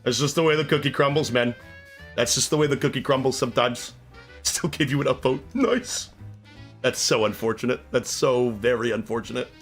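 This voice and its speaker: A man's voice: medium pitch, animated, moderate pace, faint music behind. A man streaming a game live, swearing in frustration and chatting with his viewers. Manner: profane, exasperated, chatting with viewers. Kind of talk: live gameplay commentary.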